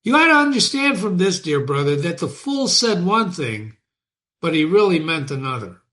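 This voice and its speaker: A man's voice: a little high, sing-song, moderate pace, bright, forceful tone, voice pushed up. Man reading a sly, knowing devil. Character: sly male fiend posing as a yeoman.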